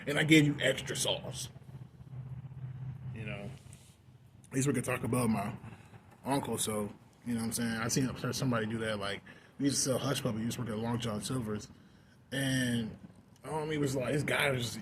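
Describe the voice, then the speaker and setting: A man with a drawl vents in a loose, rambling way, swearing freely and circling back on himself. His voice sits at an ordinary middle pitch. Steady background noise runs under everything, as if he were recording in a vehicle. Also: fairly quick. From Texas. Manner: loose, profane and rambling, with many fillers. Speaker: fast food worker venting. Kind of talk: casual ranting vlog. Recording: noisy background.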